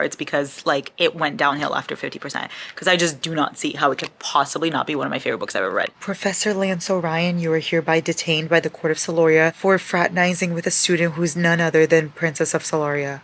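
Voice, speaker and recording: A woman's voice: sits low, vocal fry, a bit bright. A young woman book vlogger chatting casually and dramatically about a novel she is reading, with emotional outbursts. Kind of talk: casual reading vlog chat.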